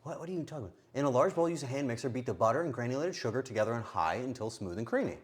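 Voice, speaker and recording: A man's voice: mid-range voice, lively intonation, rapid-fire. A man streaming a game live, talking to himself with frantic, joking commentary.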